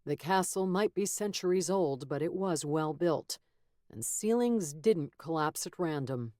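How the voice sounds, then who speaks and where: A woman narrating a fantasy audiobook in a measured, steady storytelling manner, close to a studio mic. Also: low-pitched, no room sound. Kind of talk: scripted narration.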